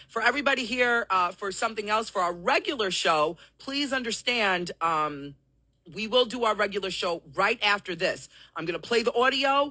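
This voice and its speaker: Hoarse woman hosting a live stream. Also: mid-range voice, pushed and bright, no room sound. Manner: apologetic, explaining at length to viewers. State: hoarse from coughing; out of breath. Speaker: live show host. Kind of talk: live-stream talk show address.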